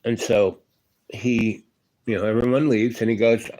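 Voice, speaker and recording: A man's voice: medium pitch, steady tone, measured pace, darkish tone, a little hiss or hum. A man in his seventies, a former union electrician, telling a long story in a rambling, casual way and tossing in "you know" and "right?". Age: 70s.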